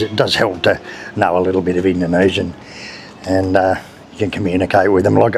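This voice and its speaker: Aussie man vlogging by loud traffic. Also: low-pitched, vocal fry. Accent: Australian. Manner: rambling, blunt, swears casually. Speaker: travel vlogger. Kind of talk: casual walking vlog. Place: outdoors in busy city back streets. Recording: loud street traffic and motorbikes behind. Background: traffic and motorbikes.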